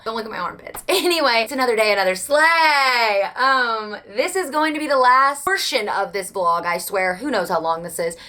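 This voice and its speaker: A woman's voice: fairly high pitch, a bit bright. A young woman with a Southern US accent, chatting casually and rambling at home as a book vlogger, gushing and self-deprecating.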